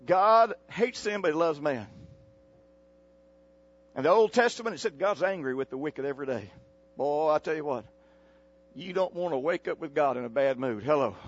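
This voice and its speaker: A male pastor delivering a folksy sermon, calling on the congregation to repeat his words and jumping up into sudden exclamations. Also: lo-fi sound. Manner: preaching with call-and-response to the congregation; folksy, animated, with sudden pitch jumps.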